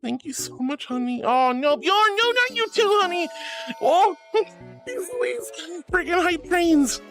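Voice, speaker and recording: A woman's voice: very high-pitched, expressive, takes it slowly, fairly bright tone, faint music behind. Gushing, flustered woman streamer. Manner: gushing, flustered, laughs often. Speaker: live streamer. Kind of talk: live-stream chat thanking viewers.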